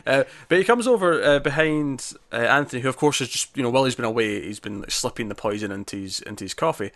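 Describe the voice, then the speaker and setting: A man's voice: medium pitch, expressive, quick pace, a bit bright, dry recording. A man, chatting casually as he recaps a TV episode, often acting out quotes. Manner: chatty, lots of fillers and acted-out quotes. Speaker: podcast co-host.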